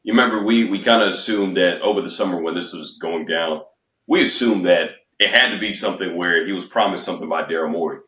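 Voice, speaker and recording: A man's voice: low-pitched, fast, sharp tone. A man co-hosting a sports podcast, chatting casually in a laid-back way. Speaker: podcast co-host. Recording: echoey room, mic at a distance.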